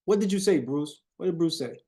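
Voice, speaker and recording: A man with leads a live sales coaching call, with a somewhat high voice and a dark, mellow tone. He preaches and repeats phrases, drops his voice low and slow for effect, and keeps turning to his listeners. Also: animated. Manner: preachy, repeats phrases, shifts tone on purpose, talks to audience as y'all.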